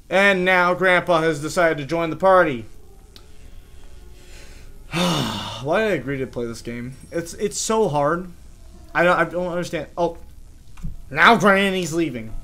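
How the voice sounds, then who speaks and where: A man doing horror game commentary, jittery, chattering to himself and quick to panic. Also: on the high side, expressive, bright, forceful tone. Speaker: gaming YouTuber.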